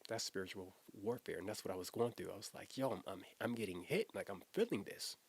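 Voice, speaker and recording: Earnest low-voiced man telling his story. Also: a little fast, gravelly, husky. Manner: earnest, emotional, conversational with repetitions. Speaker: former youth pastor. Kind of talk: personal storytelling to camera.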